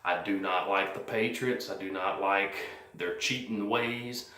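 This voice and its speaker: A man's voice: sits low, unhurried, sharp tone, echoey room. A man vlogging his post-game thoughts on his team, rambling and plain-spoken with many fillers. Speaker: sports fan vlogger. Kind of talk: casual post-game commentary. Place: cold house, indoors.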